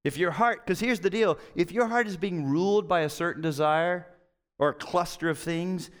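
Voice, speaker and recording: Middle-aged guy pastor giving a sermon, jokey stories about himself, bit high voice. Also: moderate pace, clean tone. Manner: conversational storytelling, self-mocking humor.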